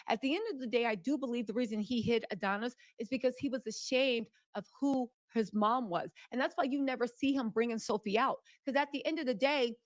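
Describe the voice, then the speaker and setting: A woman's voice: fairly high pitch, dry recording. A woman co-hosting a casual talk stream, explaining gossip in a confident, matter-of-fact way. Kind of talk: casual podcast commentary.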